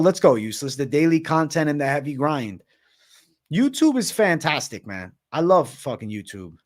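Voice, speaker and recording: A man's voice: a little high, big pitch swings, moderate pace. A man in his twenties hosting a casual livestream, hyped and profane, heavy on slang. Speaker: livestream host.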